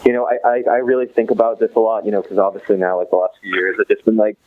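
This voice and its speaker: A man's voice: fairly low pitch, flat delivery, very fast, phone-quality sound. A man from Los Angeles, a podcast guest, talking in a casual, rambling way full of restarts and fillers. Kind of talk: casual chat.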